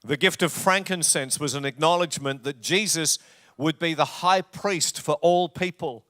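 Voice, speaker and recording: In a church, a man with an Australian accent preaches a sermon, spinning stories with jokey, warm asides. His voice is a little high and his pace moderate, captured as clean studio sound with no room sound.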